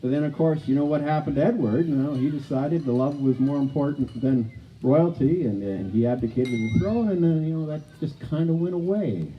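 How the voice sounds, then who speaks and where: A man's voice: fairly high pitch, a little fast, lo-fi sound, a little hiss or hum. A man presenting a live outdoor stage show, rambling and playful, with many asides. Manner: chatty, full of "you know" asides, playful showman.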